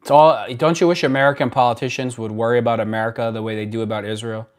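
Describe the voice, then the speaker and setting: A man's voice: mid-range voice, steady tone, fast talker. A man hosting a casual live stream, answering viewer comments in a blunt, rambling way, often restarting his sentences. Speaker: livestream host.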